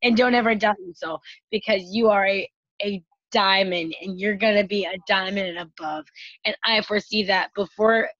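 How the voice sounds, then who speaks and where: A woman's voice: medium pitch, fairly even intonation, normal speed, a bit bright, no echo, lo-fi sound. A woman team leader giving an emotional, effusive tribute in a folksy, heartfelt way. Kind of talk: heartfelt tribute on a video call.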